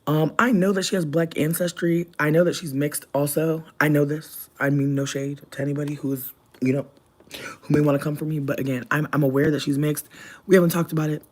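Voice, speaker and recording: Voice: fairly even intonation, brisk. Chatty, profane young streamer. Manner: chatty, profane storytelling with sudden loud high outbursts. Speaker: livestreamer reading chat. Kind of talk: casual livestream chat.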